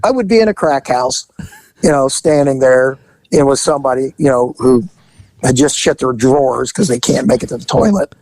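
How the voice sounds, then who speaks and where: A man's voice: medium pitch, normal speed. A man co-hosting a podcast, telling profane, comedic stories from his police days and acting out the people in them. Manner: profane, animated, acts out quotes. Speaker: podcast co-host, former police officer. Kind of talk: casual comedic storytelling.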